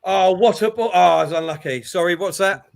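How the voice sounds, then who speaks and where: A man hosting a live football watchalong, calling the play and getting loud at big chances. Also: sits high, a little fast, vocal fry. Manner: excitable, shouts at big chances. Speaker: watchalong host.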